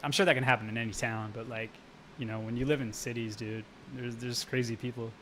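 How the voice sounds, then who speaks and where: On a live brewing stream, a man chats casually, rambling, swearing freely and laughing as he tells stories and answers chat. His medium-pitched voice is fairly bright and fairly even, a little fast, with slight background noise.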